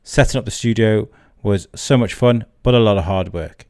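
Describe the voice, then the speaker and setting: A man's voice: lowish voice, moderate pace, clean tone, no echo, studio quality. Chatty podcast host man. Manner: chatty, friendly, lots of ums. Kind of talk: casual interview hosting. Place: outdoor event with music behind. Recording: outdoor event with loud music behind. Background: live music.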